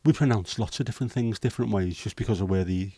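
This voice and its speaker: A man's voice: on the low side, quick pace, dark tone, husky, dry recording. A man with a Liverpool accent hosting a casual livestream, chatting through viewer comments with rambling, hesitant banter and the odd swear. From Liverpool, England. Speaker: livestream host.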